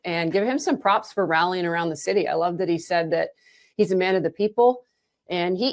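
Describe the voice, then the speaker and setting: Emphatic woman, lowish voice, football analyst. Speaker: guest analyst. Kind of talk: casual podcast chat.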